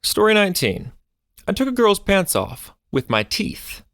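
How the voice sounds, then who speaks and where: A man's voice: unhurried, vocal fry. A man narrating online stories aloud as a scripted reading. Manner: animated storytelling with swinging pitch.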